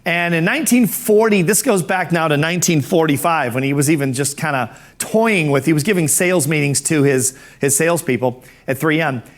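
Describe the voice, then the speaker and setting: Man, middle-aged, speaking coach, slightly high voice, chatty course lecture, repeats and restarts words. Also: a little fast, few pauses.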